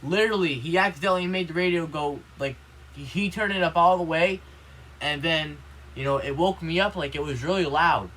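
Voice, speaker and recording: A man's voice: a little high, a little fast, fairly bright tone, poor audio. A man vlogging in a casual, rambling monologue, indignant and complaining, filling every line with "you know" and "like".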